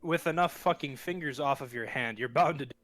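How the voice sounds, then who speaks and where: A man's voice: mid-range voice, a little fast, heavy background noise. A man playing a tabletop game, blunt and swearing casually. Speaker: player.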